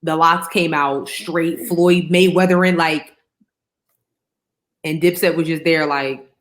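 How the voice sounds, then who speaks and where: A woman's voice: low-pitched, takes it slowly. A young woman co-hosting a casual podcast chat, telling stories emphatically with plenty of slang. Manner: animated, emphatic storytelling with slang. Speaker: podcast co-host.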